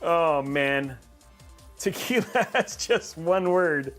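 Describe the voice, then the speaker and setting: A man's voice: on the high side, animated, slow, a bit bright, faint music behind. A man hosting a casual livestream, jokey and upbeat, rambling with plenty of fillers. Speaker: livestream host.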